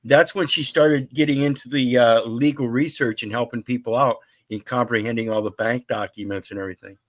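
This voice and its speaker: A man's voice: mid-range voice, fairly even intonation, brisk, no room sound. Man, casual chat, rambling, hesitant, dry close recording. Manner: rambling, hesitant, trails off softly.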